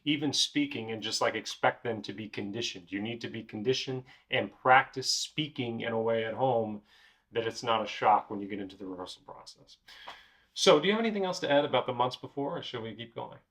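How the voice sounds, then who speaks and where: A man's voice: mid-range voice, brisk, fairly bright tone. A man co-hosting a casual chat, giving instructive, direct advice and repeating his points. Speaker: co-host, pianist and music director.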